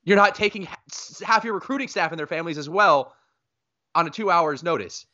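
A man's voice: a little high, fairly quick, sharp tone, highs cut off. A man co-hosting a podcast, chatting loosely about college football with jokes and lots of fillers. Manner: loose, joking, many fillers. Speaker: podcast co-host. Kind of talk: casual sports chat.

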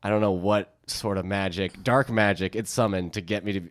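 A man's voice: lowish voice, steady tone, a little fast, no room sound. A man co-hosting a podcast in casual chat, playful and goofy with silly asides. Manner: playful, goofy, bursts into silly sung bits. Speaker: podcast co-host.

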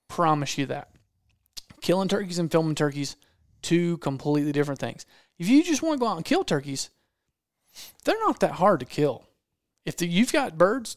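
A man's voice: on the high side, clean tone, dry recording, studio quality. A man telling a hunting story in casual talk, acting out quotes and repeating phrases for effect. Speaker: podcast guest storyteller, hunting videographer.

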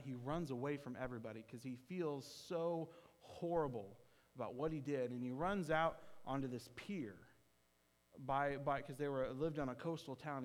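A man preaching a sermon, telling a story earnestly and often restarting his phrases. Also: fairly high pitch. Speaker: pastor. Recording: hall reverb.

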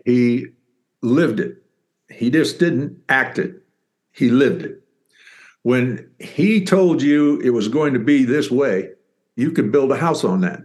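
An older man, a former football player and author, telling stories in an interview with animated, rambling enthusiasm. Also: medium pitch, takes it slowly. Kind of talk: interview storytelling.

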